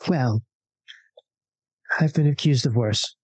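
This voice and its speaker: A tabletop player voicing a kind, self-deprecating woman artist who speaks softly, politely and carefully. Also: medium pitch, slow pace, husky, no room sound, poor audio. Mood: gentle.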